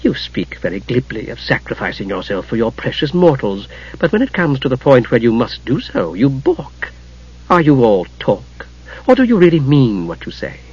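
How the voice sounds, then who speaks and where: Takhisis, a man voicing a hushed scheming goddess. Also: medium pitch, wildly swooping pitch, moderate pace, slightly rough. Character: scheming dark goddess, sweet-voiced and mocking. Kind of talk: audiobook character reading. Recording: muffled lo-fi recording.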